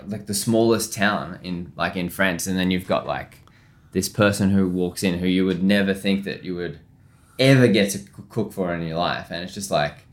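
A chef talks through his stories in a loose, rambling way, peppering his sentences with "like." His voice sits low, and he laughs easily as he goes. He sounds like a man in his thirties relaxing on a podcast. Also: normal speed. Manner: laid-back, rambling, lots of "like", laughs often. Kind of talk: casual interview chat.

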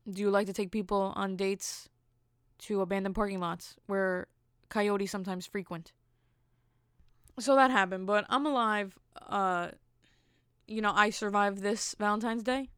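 A woman's voice: medium pitch, steady tone, a little slow, fairly bright tone, clean tone, no room sound, clean studio sound. A woman hosting her own podcast, telling stories in a blunt, candid way with incredulous asides. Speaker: podcast host. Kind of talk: casual solo podcast monologue.

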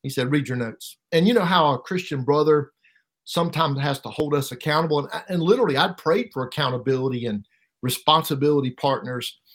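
A middle-aged man giving an emotional personal testimony as an interview guest, halting and repeating words, his voice rising sharply at painful moments. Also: on the high side. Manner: halting, repeats words, voice rises sharply when reliving pain.

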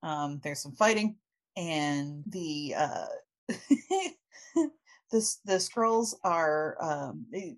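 A woman's voice: low voice, expressive, extremely slow, long pauses. A woman casually recapping a comic book story with lots of fillers and laughter. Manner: chatty, laughing, many fillers. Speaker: podcast host.

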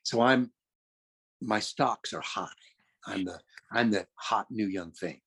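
A fairly low, gravelly, husky voice with a bit of brightness belongs to an older Californian man speaking slowly. He tells anecdotes about his career in a long, rambling, chatty way, frequently correcting himself.

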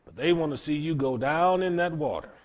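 A man preaching a sermon in an earnest, emphatic way, with dramatic pauses and repeated words. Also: fairly high pitch.

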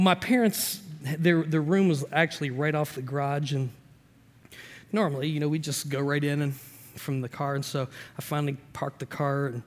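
A man preaching as a pastor, telling a personal story with lively shifts between loud and quiet and acting out the voices in it. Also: fairly high pitch, big-room sound. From Indiana. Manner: animated storyteller, shifting loud and soft, acts out dialogue.

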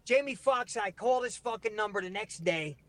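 A man's voice: high voice, lively intonation, fairly quick, fairly bright tone, dry recording. A middle-aged man telling a rambling, profane story as a podcast guest, laughing as he goes. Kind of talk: casual storytelling.

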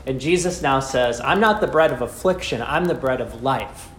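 A man preaching a sermon, asking rhetorical questions and slowing down with dramatic pauses. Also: mid-range voice, lively intonation, fairly bright tone. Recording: echoey room with faint ambience.

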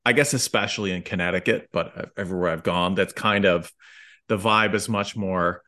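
A man's voice: low-pitched, fairly even intonation, normal speed, pushed and bright. A man from the Midwest hosting a history podcast, speaking thoughtfully in casual conversation with dry asides. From American Midwest. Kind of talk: casual chat.

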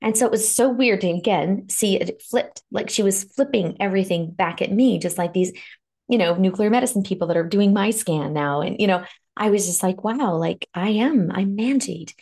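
A woman's voice: medium pitch, fairly quick, mellow. A woman who co-hosts a podcast and works as a life coach. She talks frankly and with open emotion, and she swears freely as she tells her story. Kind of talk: candid conversational podcast talk.

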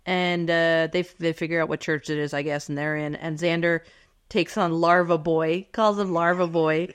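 A woman with a slightly low-pitched voice, casually recapping a TV episode as a podcast co-host. She is chatty and laughs often. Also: fairly even intonation, normal speed, clear, resonant tone.

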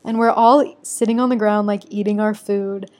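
A woman who coaches energy work and teaches yoga talks openly about her own experiences. She swears freely and talks with emotion. Her voice sits at a middle pitch. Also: fairly even intonation, normal speed, darkish tone. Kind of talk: candid personal storytelling.

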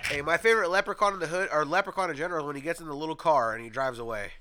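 A man hosting a casual podcast, teasing his friends with crude, animated banter. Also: fairly high pitch, very fast, background noise. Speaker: podcast host. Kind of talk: casual chat.

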